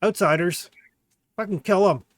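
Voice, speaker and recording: A man voicing a gruff old dwarf matriarch. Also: high voice, a little slow, no echo, clean studio sound, voice pushed up. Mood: hostile. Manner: blunt, curt, dismissive.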